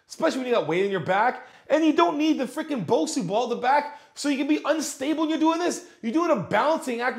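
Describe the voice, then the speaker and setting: A man's voice: very high-pitched, reverberant. A man, a fitness coach, bluntly critiquing workout form with exasperation and casual swearing.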